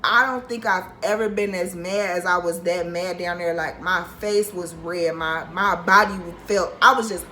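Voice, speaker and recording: Brief: young woman vlogger, storytime, bright sharp voice, profane, animated, worked-up delivery. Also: on the low side, moderate pace, few pauses, a little hiss or hum, rough recording. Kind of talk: storytime vlog.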